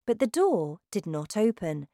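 A woman reading a children's story aloud, slow and expressive. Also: on the low side, noisy background.

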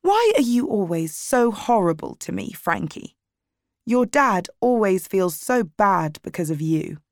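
A woman's voice: medium pitch, sing-song, a little slow, dry recording, studio quality. A woman voicing a prim, reproachful soon-to-be stepmother in a storybook reading.

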